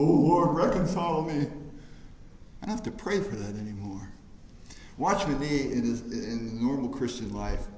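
A man preaching a sermon in a church hall, emphatic, swelling loud on key phrases and then dropping quiet. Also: medium pitch.

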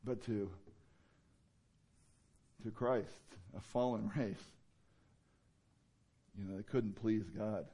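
A man's voice: on the low side, steady tone, slow, long pauses, warm tone, breathy edge. A man preaching a sermon in a conversational way, with many fillers and rhetorical questions. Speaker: pastor.

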